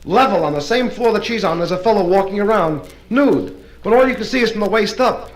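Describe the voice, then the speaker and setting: Stand-up comedian, man with a high voice, brisk punchline-driven delivery at a live party. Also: lively intonation, poor audio. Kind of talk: live stand-up joke telling.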